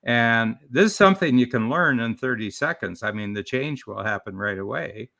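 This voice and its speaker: Gravelly, bright-voiced male coach. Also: mid-range voice, animated, normal speed. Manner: rambling, with many fillers and restarts. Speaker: business coach and author guest. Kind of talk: explaining ideas in a live-streamed interview.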